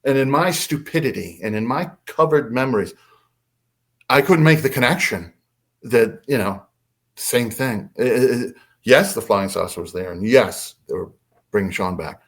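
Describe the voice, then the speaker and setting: A man, a podcast guest, telling a story in a lively way and acting out quotes. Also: normal speed. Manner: lively, acts out quotes with big pitch swings. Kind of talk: animated storytelling.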